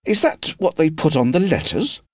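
A man voicing a polite, kindly young girl in a read-aloud storybook, lifting his voice higher and gentler. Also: huge pitch swings, normal speed, breathy edge, dry recording, studio quality, exaggerated voice.

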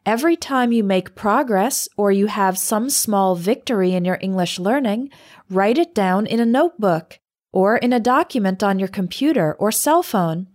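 A woman reading a scripted English lesson in a clear, measured way, slowing down for the example phrases. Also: medium pitch, expressive, a little mellow. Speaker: English teacher.

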